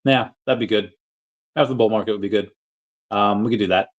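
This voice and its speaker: Self-amused male streamer, lower voice, reads chat off a dull lo-fi tablet mic. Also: fairly even intonation, brisk. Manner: rambling, self-amused, chatty. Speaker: livestream host. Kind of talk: casual livestream chat reading. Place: empty basement room.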